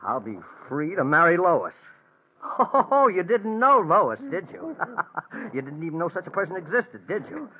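A man's voice: on the high side, big pitch swings, moderate pace. An actor playing a cold, scheming man who plans to murder his fiancee, in an old-time radio drama, with a sneering and impatient manner. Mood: menacing. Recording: lo-fi phone-like old radio recording with hiss.

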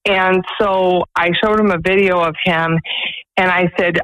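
A woman's voice: lowish voice, steady tone, measured pace, fairly bright tone, muffled recording. Earnest woman telling stories on radio. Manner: earnest storytelling, quoting others. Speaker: executive director of a pregnancy resource center. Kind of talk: radio interview guest.

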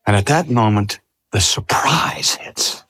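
An older man, a pastor, preaching a sermon in a slow, measured way. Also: on the low side, dry recording, in a whisper, studio quality. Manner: slow, measured delivery with lively rises and falls.

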